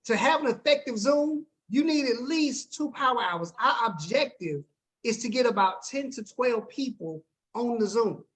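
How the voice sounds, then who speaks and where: A man's voice: extremely high pitch, expressive, moderate pace, a bit bright. Upbeat slangy man coaching a group call. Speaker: business coach leading a team call.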